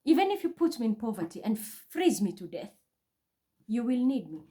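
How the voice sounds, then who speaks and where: A woman's voice: on the high side, big pitch swings, normal speed, dark tone. A woman vlogging from home in an intense, accusatory, repetitive monologue. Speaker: spiritual reader vlogger. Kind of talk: agitated monologue to camera. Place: her home.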